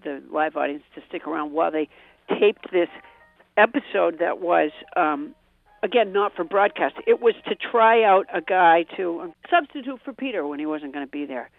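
A woman's voice: on the low side, expressive, moderate pace, creaky, no room sound, soft background music. A middle-aged woman comedian telling rambling, self-deprecating stories in a radio interview. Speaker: comedian and quiz show panelist. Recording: tinny phone line.

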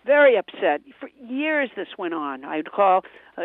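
A woman's voice: medium pitch, big pitch swings, measured pace, no room sound. A middle-aged woman comedian telling rambling, self-deprecating stories in a radio interview. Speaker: comedian and quiz show panelist. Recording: tinny phone line.

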